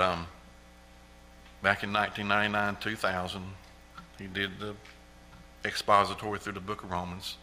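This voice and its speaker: A man's voice: fairly low pitch, sharp tone, slight background noise, poor audio. A middle-aged man giving an earnest testimony in church, repeating praise often. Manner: earnest, repetitive, exclaims praise. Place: church sanctuary.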